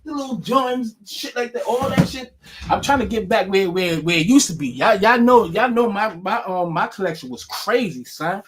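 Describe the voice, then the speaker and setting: A man vents to his viewers in a loose, rambling rant, cursing freely and stumbling over his words. His talk stays animated as he restarts sentences again and again. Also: sits high, moderate pace, slight background noise. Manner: profane, animated, many restarts. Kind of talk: rambling casual rant to camera.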